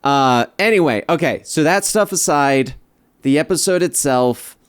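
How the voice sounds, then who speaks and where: Smooth-voiced man, wry and measured. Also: on the high side, expressive. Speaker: podcast co-host. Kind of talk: casual chat reviewing a TV episode.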